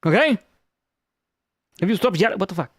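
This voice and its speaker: A streamer, coding live and swearing at an AI chatbot. The speaker swings between low muttering, reading aloud and loud outbursts. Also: expressive, normal speed, no room sound, studio quality.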